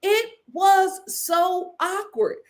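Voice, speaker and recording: A woman vlogger recapping a reality show in a casual, animated, slangy way, with ums and sudden bursts of laughter. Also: very high-pitched. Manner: animated, chatty, swings between sighs and bursts of laughter; drawn-out slangy storytelling with filler ums. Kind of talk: casual commentary vlog.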